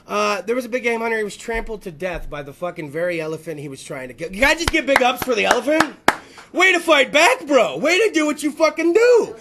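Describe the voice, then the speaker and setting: A man's voice: extremely high pitch, very animated, fast, heavy background noise. A man hosting a podcast, ranting comedically, rambling and heavy with profanity. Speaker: podcast host. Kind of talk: comedic rant.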